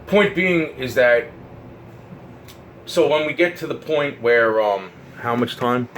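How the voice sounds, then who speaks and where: Profane, excitable man telling a story. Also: medium pitch, slow pace, a little hiss or hum, low-quality recording. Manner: profane, excitable, repeats himself. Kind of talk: rambling personal storytelling.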